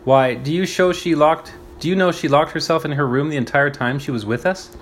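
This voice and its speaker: A man's voice: a little high, a little fast, slight background noise, close to an everyday voice. A man reading aloud, voicing a crafty middle-aged guardian who barks angrily and then turns falsely pleasant. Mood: smooth.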